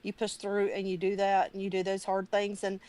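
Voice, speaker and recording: A woman's voice: mid-range voice, completely flat delivery, normal speed, warm tone, dry recording. Emotional woman on the verge of tears. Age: adult parent. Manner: emotional, rambling, earnest. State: near tears. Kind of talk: casual heartfelt chat.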